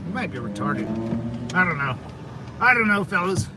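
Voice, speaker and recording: A man's voice: sits high, very animated, moderate pace, background noise. A man livestreaming casually from his car, rambling loosely and greeting viewers by name. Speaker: vlogger streaming while driving.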